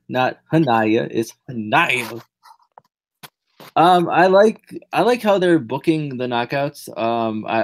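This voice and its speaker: Guy on a wrestling podcast, teasing his buddies, kinda lecturing, steady talker. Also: mid-range voice. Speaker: podcast co-host. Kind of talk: casual wrestling review chat.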